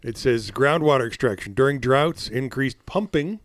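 A man hosting a news-comedy podcast, chatting casually and reading news with wry deadpan asides. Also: medium pitch, moderate pace, no room sound, clean studio sound. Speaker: podcast host.

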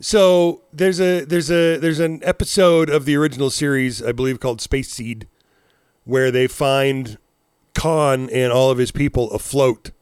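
A man's voice: mid-range voice, fairly even intonation, measured pace, darkish tone, clear, resonant tone, dry recording, studio quality. Rambling, laughing podcast man. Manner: rambling, profane, laughing storyteller. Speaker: podcast co-host. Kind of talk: casual chat.

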